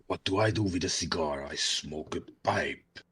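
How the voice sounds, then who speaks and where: A man's voice: low-pitched, normal speed, a bit bright. A man playing in a tabletop game, talking in a mock-indignant way. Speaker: player. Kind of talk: tabletop role-play.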